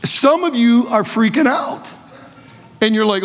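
Sixties male preacher, high husky voice, playful and shouty, long hall reverb. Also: lively intonation, unhurried. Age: 60s. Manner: playful, joking, bursts into shouts. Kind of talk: energetic youth sermon.

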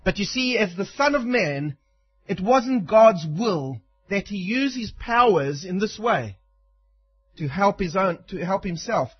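A man's voice: high-pitched, animated, a little slow, breathy edge, highs cut off. A man preaching a sermon in an emphatic way, acting out the quoted lines.

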